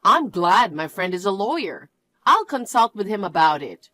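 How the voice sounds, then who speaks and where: A young woman narrates her own story in first person. Her pitch swings lively and her delivery is expressive and exclamatory. The recording is dry and close-miked. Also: moderate pace, no room sound.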